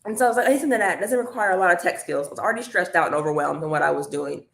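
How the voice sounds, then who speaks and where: A woman coaching viewers on a live stream, chatty and energetic, calling the audience y'all. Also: lowish voice, rapid-fire, vocal fry, roomy sound. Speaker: online business coach.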